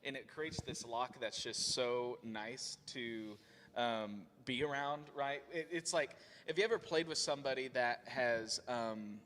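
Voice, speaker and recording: A man's voice: medium pitch, a little slow, fairly bright tone, big-room sound. A man who plays drums, answering a question earnestly in casual chat with fillers. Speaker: drummer and music teacher. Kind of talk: casual live-stream answer.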